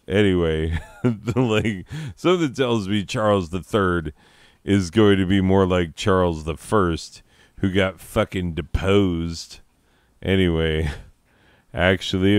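A high man rambling crudely and joking as he hosts his own gameplay commentary. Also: clean tone, no room sound, studio quality. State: high on drugs. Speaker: let's play host. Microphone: own desk microphone.

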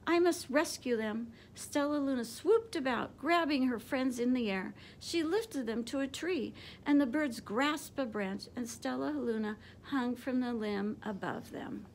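A woman teacher reading a picture book aloud to children, expressive and animated. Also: sits high, measured pace, hardly any pauses, a little hiss or hum.

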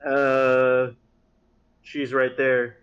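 A man narrating as game master in a relaxed tabletop session. He speaks at a slow, measured pace and sets each scene without hurry. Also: medium pitch, muffled recording.

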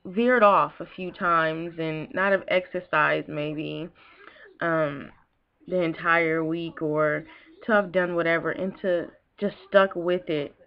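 A woman's voice: sits low, fairly even intonation, takes it slowly, clear, resonant tone. A young woman vlogging casually, talking emotionally in a rambling way with restarts. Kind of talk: casual vlog talk. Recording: dull lo-fi home video.

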